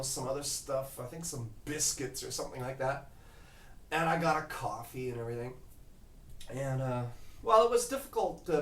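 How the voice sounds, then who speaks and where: A man telling a casual travel story at home, rambling with lots of fillers. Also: fairly high pitch. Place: home kitchen. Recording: roomy kitchen, mic at a distance.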